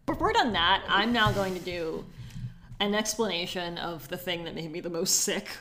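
A woman's voice: lowish voice, expressive, normal speed, fairly bright tone, slight background noise. A young woman co-hosting a casual podcast chat, laughing often and reading out quotes in put-on accents. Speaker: podcast co-host.

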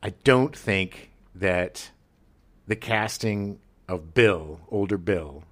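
A man's voice: sits low, takes it slowly. A middle-aged man co-hosting a podcast, chatting casually and telling stories with animation and frequent laughs. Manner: animated storyteller, laughs often. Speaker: podcast co-host. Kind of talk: casual chat.

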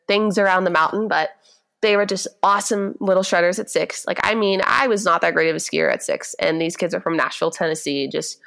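A woman in her twenties, a podcast guest, telling a story in a chatty, animated way with a gentle voice. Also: lowish voice, fairly quick, gravelly. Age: 20s. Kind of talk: casual chat, storytelling.

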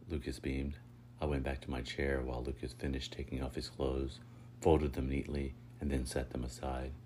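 Man with an extremely deep voice. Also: slight background noise. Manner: steady, unhurried first-person reading. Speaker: narrator. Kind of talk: reading a story aloud.

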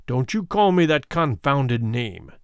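A man's voice: mid-range voice, very animated, a little slow, clear, resonant tone, dry recording, clean studio sound, voice pushed down. A man voicing a curt, grim young doctor who growls short orders in a spoken story.

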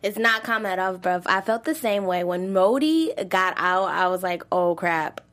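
A woman hosting a casual TV recap chat, lively and chatty, teasing with slang and laughing often. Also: fairly low pitch, normal speed. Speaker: host.

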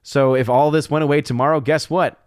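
A man's voice: a little high, steady tone, fairly quick, clear, resonant tone, no echo, studio quality. A man hosting a casual livestream, reading viewer comments aloud and answering them with amused, chatty asides. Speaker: livestream host reading chat.

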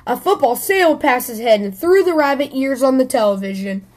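High-voiced woman reading a kids' story. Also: animated, fairly quick, darkish tone. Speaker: children's story podcast host. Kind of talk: reading a picture book aloud.

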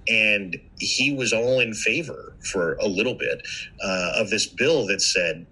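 A man on a podcast who argues his point casually and keeps asking "right?" as he goes. His voice sits low and sounds husky, but it also has a very bright, forceful edge. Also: lively intonation, a little slow, poor audio. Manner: conversational, argues with rhetorical questions. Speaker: podcast guest.

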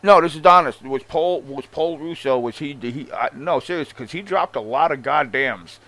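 A man's voice: a little high, normal speed, pushed and bright, poor audio. Male podcast host, casual profane rant, sarcastic asides, loose rambling delivery. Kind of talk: casual rant about wrestling.

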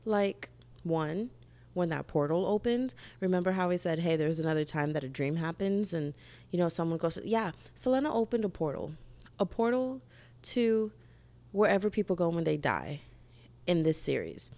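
A young woman talks through a book series in a casual, gushing vlog, full of asides and "like". Her voice sits low for a woman and has a gravelly fry running through it. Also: moderate pace. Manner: animated, gushing, chatty with lots of "like". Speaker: book vlogger. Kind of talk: casual book review chat.

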